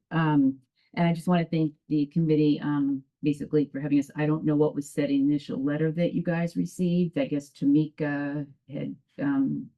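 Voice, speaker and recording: A woman with a low-pitched, dark voice speaks as a resident before the town commission in its meeting room. Her public testimony comes out hesitant and rambling, full of restarts, on a dull lo-fi public access broadcast.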